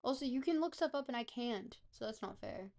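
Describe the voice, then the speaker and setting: A woman giving casual, playful gameplay commentary as a streamer, thinking out loud as she goes. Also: fairly high pitch, animated, a little fast, creaky. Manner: playful, thinks aloud, chatty.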